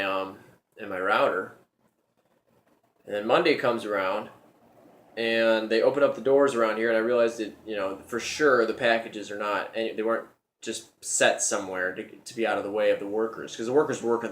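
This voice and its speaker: A man's voice: fairly low pitch, reverberant. A man hosting his own show, telling a personal story in a rambling, casual way, often repeating his words as he goes.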